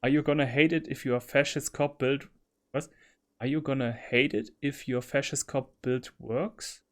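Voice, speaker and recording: A man's voice: medium pitch, steady tone, normal speed, a bit bright. A German man commenting on a video game he is playing, rambling with laughing asides and reading dialogue choices aloud. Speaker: let's play streamer.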